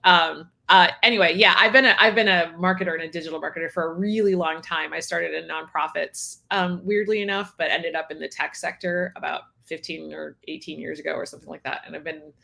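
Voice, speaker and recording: A woman's voice: low-pitched, steady tone, a little fast, creaky, few pauses, pushed and bright. A middle-aged woman, a sales leader, talking candidly and self-deprecatingly as a podcast guest. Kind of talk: casual interview chat.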